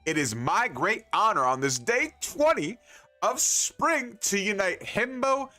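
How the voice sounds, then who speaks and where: A man's voice: sits high, lively intonation, unhurried, sharp tone, faint music behind, pitched above the performer's own voice, exaggerated voice. A man voicing an older male small-town mayor, proud and formal, with a ceremonial delivery.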